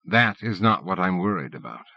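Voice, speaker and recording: A man voicing a reflective robot that carries a dead man's memories, in a calm, measured way. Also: deep voice, gravelly, dry recording, full character voice. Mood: earnest. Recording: dull dry cassette-era audiobook recording.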